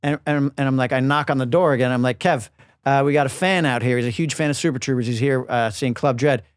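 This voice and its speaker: A man's voice: medium pitch, fast, smooth, dry recording. A middle-aged man co-hosts a podcast and tells a story in easy, casual chat. He acts out what the other people said as he goes. His voice sits dry and close to the mic, with no room around it. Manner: animated storyteller acting out quotes. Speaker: podcast co-host.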